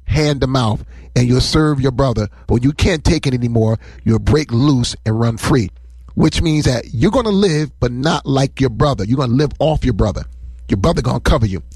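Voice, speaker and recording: Husky-voiced man preaching. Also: mid-range voice, dry recording, rough recording. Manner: animated, acts out scripture voices. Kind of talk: livestream sermon storytelling.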